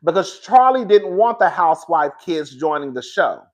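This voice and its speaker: A man with a fairly high voice, giving a loose, candid commentary straight to his viewers. He swears freely and rambles, restarting sentences and drifting into asides before circling back to his point. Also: big pitch swings, normal speed. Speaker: reality TV commentator. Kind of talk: casual commentary vlog.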